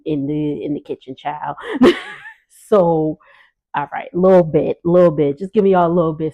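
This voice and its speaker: A woman's voice: lowish voice, phone-quality sound. Sassy chatty woman vlogger. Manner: chatty, sassy, laughs often. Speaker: recap vlogger. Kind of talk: casual reality TV recap. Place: home sitting area by the kitchen.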